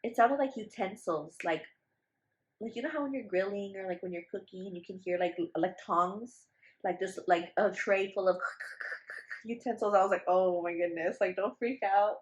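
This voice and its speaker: A young woman vlogger and new mother tells a personal story in a casual, chatty way, with many fillers and restarts. Her voice is medium-pitched and moderately paced, and the recording sounds muffled.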